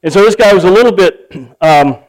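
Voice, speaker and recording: A man's voice: high-pitched, expressive, a little fast, a little mellow, poor audio. A man preaching a sermon, telling a joke story and acting out its characters with animation. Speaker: pastor.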